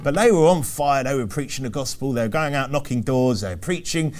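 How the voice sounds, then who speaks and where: A man's voice: medium pitch, lively intonation, brisk, darkish tone. A man preaching a sermon, repeating phrases with emphasis and asking the congregation rhetorical questions.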